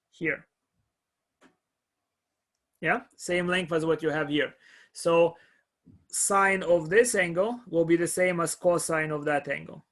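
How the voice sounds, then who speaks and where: A man lectures on calculus in a slightly high voice. He talks in halting bursts, restarts and repeats his words, and keeps stopping to ask the class whether they follow. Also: fairly bright tone. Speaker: math lecturer.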